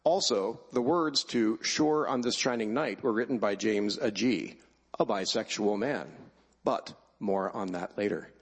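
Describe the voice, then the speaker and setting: A man's voice: fairly low pitch, a little slow, breathy edge. A middle-aged man giving a wry, emphatic personal speech at a choir event before introducing the choir. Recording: long hall reverb.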